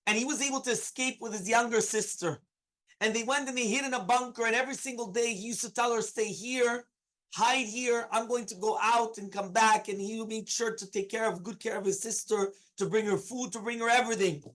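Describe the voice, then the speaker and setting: A man's voice: very high voice, fairly even intonation, fast, a bit bright, rough recording. Rabbi guy telling a story in a lesson, earnest, keeps repeating himself.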